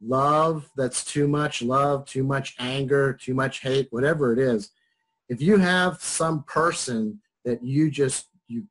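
A man's voice: medium pitch, breathy edge. A middle-aged man teaching psychology over a video call, talking casually, joking and chuckling through personal examples. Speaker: psychology instructor. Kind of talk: casual online lecture.

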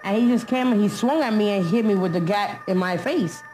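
A woman's voice: medium pitch, fairly quick, darkish tone, faint music behind. Woman telling a story in street slang. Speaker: interviewee. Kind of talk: candid documentary interview.

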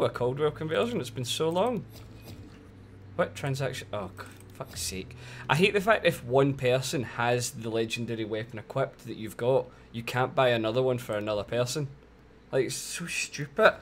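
A man's voice: mid-range voice, slight background noise. A young man chatting casually on a live game stream, laughing often and swearing freely.

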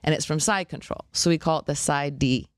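A woman's voice: low-pitched, brisk, dry recording, studio quality. A woman guest who owns a martial arts gym, telling stories in a casual interview and laughing easily. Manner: lively storyteller, laughs easily. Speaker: podcast guest, jiu-jitsu gym owner and coach.

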